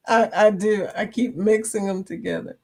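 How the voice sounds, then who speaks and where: A woman's voice: mid-range voice, fairly even intonation, measured pace, darkish tone. A middle-aged woman hosting a casual live chat, reading viewer comments aloud, chatty and silly and laughing often. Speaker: livestream host.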